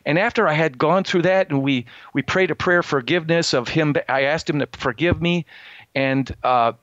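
A man's voice: a little high, normal speed, a bit bright, no echo. A middle-aged man speaking as an interview guest, telling a personal story earnestly with many restarts and fillers. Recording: slightly dull, lo-fi sound.

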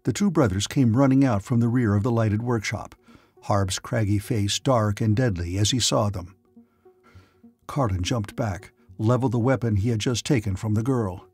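A man's voice: fairly low pitch, moderate pace, darkish tone, husky. A man narrating a science fiction audiobook with dramatic storytelling. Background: faint music.

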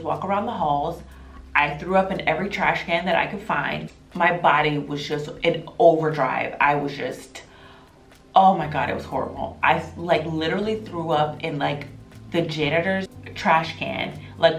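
A woman vlogger telling her own birth story to camera in an emotional, animated way, often quoting what people said. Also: low voice, moderate pace, gravelly. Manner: emotional, animated retelling with quoted voices. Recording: echoey room with faint music.

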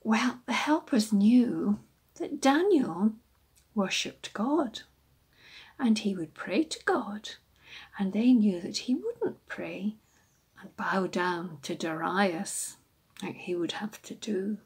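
A woman's voice: medium pitch, animated, slow pace, a little mellow, breathy edge. A woman telling a children's Bible story at a church, often dropping into a dramatic whisper.

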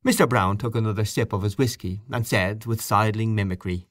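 A man's voice: fairly low pitch, fairly quick, few pauses, no room sound, clean studio sound. A man narrating an audiobook, reading expressively and switching into character voices. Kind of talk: scripted narration.

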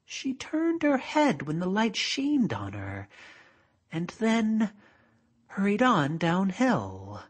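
A woman's voice: mid-range voice, huge pitch swings, slow, husky, exaggerated voice. A woman voicing a plain-spoken rural tradesman who describes a strange night encounter in an audiobook. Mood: puzzled. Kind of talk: audiobook character voice.

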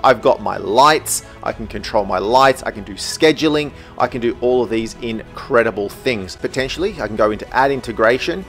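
A man with an Australian accent, an enthusiastic tech YouTuber walking through a product review in an upbeat, animated way. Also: medium pitch, normal speed, hardly any pauses, soft background music.

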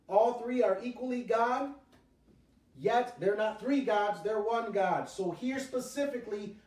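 A man teaching from the Bible in a sermon, earnest and emphatic, slowing down to stress key words. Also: high voice, a little mellow. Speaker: preacher. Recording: echoey room, voice a bit distant from the mic.

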